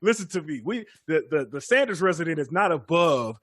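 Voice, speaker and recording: A man co-hosting a podcast, talking in lively, profane casual chat, laughing often. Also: fairly high pitch, fairly quick. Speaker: podcast co-host.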